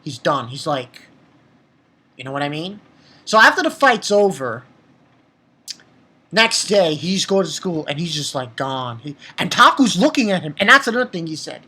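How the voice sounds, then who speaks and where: A man's voice: a little high, sing-song, normal speed, long pauses, sharp tone, slightly rough. A man recapping an anime episode in a casual, rambling way, breaking into profane angry outbursts. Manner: profane, angry outbursts between plot summary; rambling with fillers and restarts. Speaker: anime reviewer.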